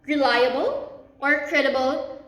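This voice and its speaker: A young woman hosting a live-selling stream, bubbly and chatty, giving shout-outs and restarting her sentences. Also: high-pitched, expressive, slow pace. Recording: roomy echo.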